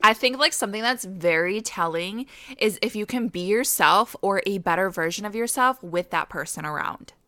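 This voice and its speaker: Bright, chatty woman co-host. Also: medium pitch, normal speed, hardly any pauses, dry recording, studio quality. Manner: chatty, self-deprecating humor. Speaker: podcast co-host. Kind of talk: casual chat.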